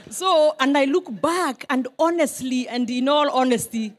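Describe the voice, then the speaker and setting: Speaking at a measured pace in a high-pitched voice, a Kenyan politician in her forties addresses a diaspora gathering. Her talk is casual and self-deprecating, sprinkled with remarks in Swahili.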